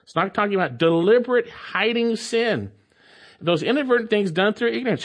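Man, pastor, expository sermon, slightly high voice, very animated pitch, emphatic repetition. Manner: emphatic, repeats key phrases with dramatic pauses; stretches words slowly for emphasis, then speeds up.

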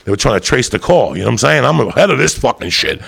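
A man's voice: mid-range voice, very animated, fast talker, gravelly, fairly bright tone, husky. A man telling a long story in casual chat, rowdy and profane, full of asides to the listener. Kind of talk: casual chat, crime anecdote.

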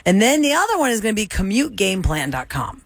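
A woman's voice: mid-range voice, brisk, dry recording. A woman hosting a radio show, chatting and laughing through the banter. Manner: chatty, animated, laughs often.

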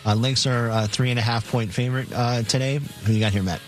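A man's voice: medium pitch, fairly even intonation, fast, soft background music. Matter-of-fact male co-host reading odds. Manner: matter-of-fact, filler-laden. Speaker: co-host reading betting lines.

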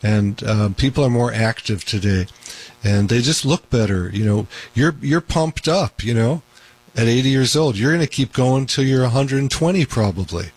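A man's voice: medium pitch, animated, normal speed, darkish tone, slightly rough. A man hosting a call-in radio show as a doctor, talking in an emphatic, repetitive way. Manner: talkative, emphatic, repeats points.

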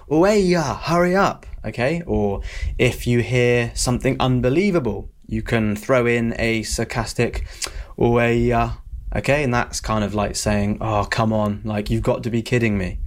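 A man explains words in an unhurried, easygoing video lesson. His voice sits low, and he keeps checking in with a quick "okay?" as he goes. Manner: friendly, repeats "okay?" to check in. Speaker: language teacher.

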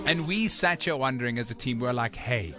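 A young South African man hosting a radio show, joking and chatty in lively banter. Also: medium pitch. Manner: upbeat, joking, quick asides. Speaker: radio host. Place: radio studio. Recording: studio broadcast with music bed.

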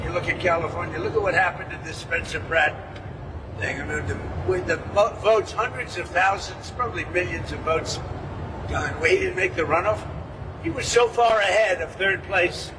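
A man giving rambling off-the-cuff remarks to the press, repetitive and halting. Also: high voice, far from the mic, background noise. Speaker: politician talking to press.

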